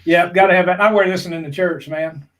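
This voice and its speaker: A man's voice: sits high, steady tone, fast, low-quality recording. A man, co-hosting a casual live-stream chat in a folksy, joking way. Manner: folksy, jokey, calls people brother. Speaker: prepping channel co-host.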